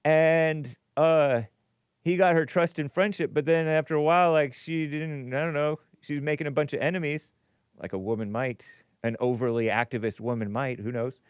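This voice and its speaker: A man's voice: a little high, steady tone, normal speed, clean tone, no room sound. A man hosting a call-in show, rambling and musing aloud, breaking off mid-phrase and chuckling. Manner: rambling, self-interrupting, chuckling. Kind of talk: casual radio call-in talk.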